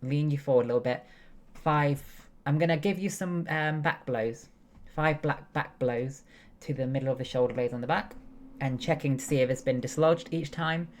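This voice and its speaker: A young woman who streams and studies nursing talks through a game casually, explaining each step in turn, with plenty of fillers and chatty tangents. Her low, slightly mellow voice moves at a moderate pace.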